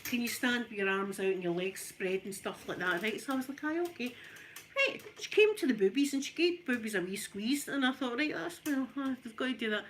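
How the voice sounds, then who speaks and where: A middle-aged Scottish woman chatting and telling a funny story while she irons, animated and laughing often. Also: a little high, fairly quick, few pauses, slight background noise. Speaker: ASMR channel host. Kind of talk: casual storytelling while ironing.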